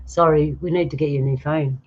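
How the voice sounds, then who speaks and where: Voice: mid-range voice, fairly even intonation, fairly quick, a little mellow. A host in their fifties, chatting casually on a video call livestream and laughing often. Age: 50s. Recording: dull lo-fi stream audio.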